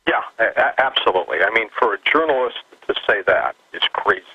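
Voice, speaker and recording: A man joining a talk radio show as a guest, speaking in a lively, indignant way with stammering restarts, heard over a dull phone line. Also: fairly low pitch, quick pace, breathy edge, dry recording.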